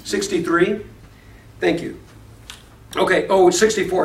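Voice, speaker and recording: A man's voice: fairly high pitch, fairly even intonation, fairly quick, creaky. A man teaching a Bible study class, reading verses aloud, explaining them and putting questions to the class. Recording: echoey room, voice far from the mic.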